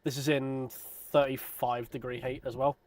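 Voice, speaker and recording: Man in his thirties, sim racing streamer, loose self-deprecating chatter, mid-pitched voice. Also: level tone, normal speed. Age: 30s. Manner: rambling, self-deprecating, joking. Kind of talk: casual live stream chat.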